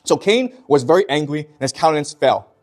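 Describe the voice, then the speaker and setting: Guy with a high voice giving a class lecture, really emphatic, keeps asking if everyone gets it, soft music in the back. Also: animated, brisk. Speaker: teacher.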